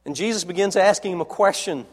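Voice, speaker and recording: High-voiced preacher in a reverberant hall. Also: male voice, fast. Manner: dramatic, acts out quoted dialogue, drops to soft low tones. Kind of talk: sermon.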